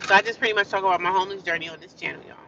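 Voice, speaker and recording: A woman's voice: mid-range voice, fairly even intonation, rapid-fire, background noise. A woman chatting casually with viewers on a livestream, rambling and repeating herself. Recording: distant, slightly dull phone audio.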